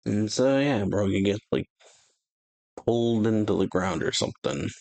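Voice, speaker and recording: A man hosting a reaction video, retelling and reading a comic chapter aloud in a halting way full of fillers. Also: on the low side, gravelly, a little mellow, dry recording. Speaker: channel host.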